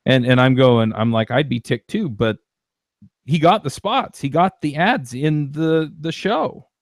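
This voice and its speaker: A podcast host chats casually in a slightly high voice with lively intonation, speaking a little slowly. He rambles, restarting often and using many fillers, and the studio sound is clean, with no echo.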